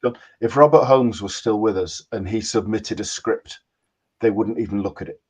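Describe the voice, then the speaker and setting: A man co-hosting a fan review panel, making measured, emphatic points in a casual discussion. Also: lowish voice, a little mellow, slightly rough.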